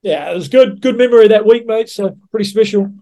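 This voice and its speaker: A man's voice: high-pitched, fairly quick, warm tone. A man, a rugby coach telling blunt, sweary stories as a podcast guest and calling everyone "mate". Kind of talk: casual anecdote-telling.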